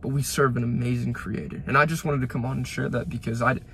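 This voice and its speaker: A man's voice: medium pitch, fairly even intonation, fast, gravelly, fairly bright tone, slight background noise. A young man in his late teens gives an emotional spoken testimony, retelling events fervently with repeated phrases and restarts, outdoors by a roadside ditch. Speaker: young Christian giving a testimony.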